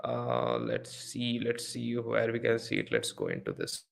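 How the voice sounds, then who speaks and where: A man's voice: on the low side, huge pitch swings, unhurried, creaky. A man hosting a live online Q&A on selling ads, explaining step by step while sharing his screen and asking the audience questions. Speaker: host of a live Amazon PPC Q&A session. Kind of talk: live webinar teaching with screen share.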